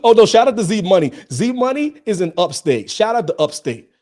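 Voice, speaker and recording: A man co-hosting a comedy podcast, his pitch jumping all over as he teases his partner. His voice sits a bit high, and he breaks into laughter often. The talk is loose and playful. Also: brisk. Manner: animated, teasing, laughs a lot. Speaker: podcast co-host. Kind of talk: casual comedic chat.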